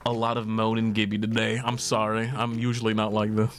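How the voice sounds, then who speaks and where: Over game music, a man streams a video game, chatting casually, laughing often and swearing freely. His voice sits on the low side and is monotone and a little fast, and the recording is very noisy.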